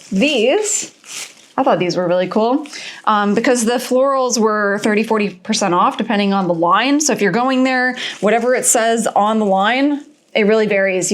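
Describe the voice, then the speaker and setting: A woman craft vlogger chatting casually and excitedly, often laughing at herself, a little out of breath. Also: medium pitch, normal speed. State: a bit out of breath. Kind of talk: casual shop-with-me vlog chat.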